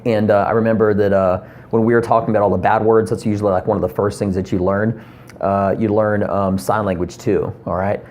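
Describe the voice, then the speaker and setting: A man's voice: fairly low pitch, little pitch movement, a little fast, darkish tone, slight background noise. A man in his thirties delivering a rambling, profane comedy rant to camera, full of ums and asides. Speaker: comedian vlogger.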